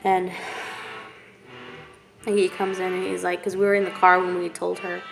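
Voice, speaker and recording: A woman telling a painful personal story to camera in a halting, candid way, with many fillers and restarts. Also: fairly low pitch, completely flat delivery, creaky. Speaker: vlogger. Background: music playing.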